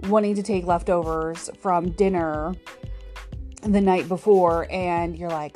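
A woman's voice: lowish voice, steady tone, unhurried, mellow, faint music behind. A woman hosting a podcast alone, chatting casually with many fillers and little laughs. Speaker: podcast host. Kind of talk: casual solo podcast monologue.

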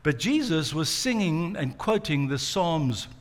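A man's voice: fairly high pitch, very animated, measured pace. A man giving a sermon, telling the story dramatically and acting out the quoted lines. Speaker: pastor.

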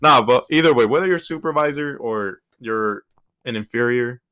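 A man's voice: medium pitch, normal speed, pushed and bright. A young man co-hosting a podcast in casual, joking chat, with a laid-back manner. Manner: laid-back, joking, says bro a lot. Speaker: podcast co-host.

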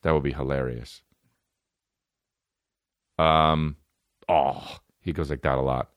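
A man's voice: very deep voice, fairly even intonation, takes it slowly, clear, resonant tone, no room sound. A man hosting a comedy podcast, riffing in a loose monologue and jumping into put-on voices. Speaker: podcast host. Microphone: studio microphone.

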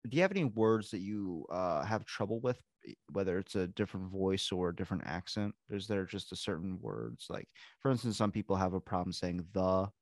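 A man's voice: deep voice, animated, fairly quick, hardly any pauses, a little mellow, no echo, studio quality. A man hosting a podcast, asking long, curious, rambling questions. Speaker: podcast host. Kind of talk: casual podcast interview.

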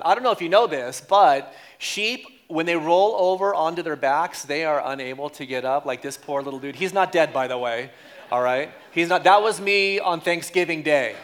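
A pastor preaching a lively sermon, joking with the congregation and repeating key lines for emphasis. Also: male voice, on the high side, moderate pace.

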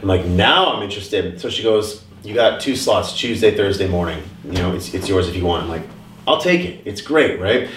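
A man hosting a casual group chat, telling stories in an animated way and swearing casually. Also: low voice, moderate pace, slight background noise. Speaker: podcast host. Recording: roomy, distant phone audio.

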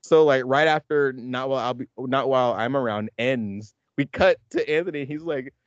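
A man's voice: mid-range voice, moderate pace, no echo. A man hosts a casual podcast chat, rambling through his points and laughing often. His voice sits mid-range and sounds dry and close. The recording is dull and lo-fi. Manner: rambling, laughs often, acts out movie lines. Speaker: podcast host.

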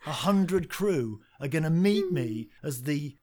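Man telling a lively, self-mocking story. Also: fairly high pitch, slow, heavy background noise. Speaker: actor guest. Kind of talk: animated storytelling in a casual interview.

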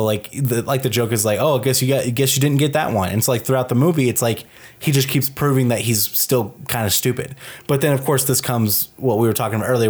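A man co-hosting a casual podcast, reviewing a movie in a loose, rambling way with lots of filler words. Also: mid-range voice. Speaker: podcast co-host.

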